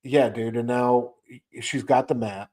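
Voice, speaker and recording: In a laid-back comic book discussion, a podcast co-host retells a comic's plot with energy, voicing the characters' lines. His mid-range voice has a dark tone, fairly even intonation and a measured pace.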